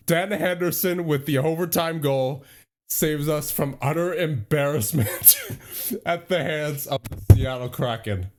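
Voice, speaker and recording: A man's voice: medium pitch, slow. A young man recapping simulated hockey games for his channel, pleading with his team and laughing nervously between scores. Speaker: gaming YouTuber. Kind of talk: hockey sim franchise play-by-play.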